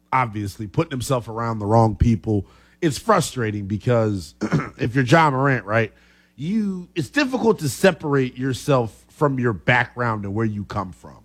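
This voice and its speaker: A man hosting a sports talk radio show, talking with animated energy. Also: mid-range voice. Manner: lively, animated, coughing fits.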